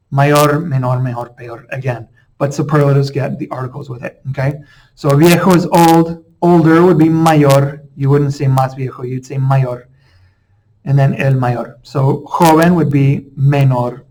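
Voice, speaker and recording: A man teaching a casual video lesson, relaxed and chatty, often checking in with the listener. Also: on the high side, rough recording. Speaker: Spanish teacher.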